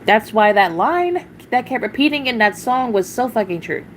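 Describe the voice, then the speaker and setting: A woman's voice: fairly high pitch, animated, moderate pace, slight background noise, low-quality recording. A woman venting on a casual livestream, blunt and profane, rambling with sighs and short laughs.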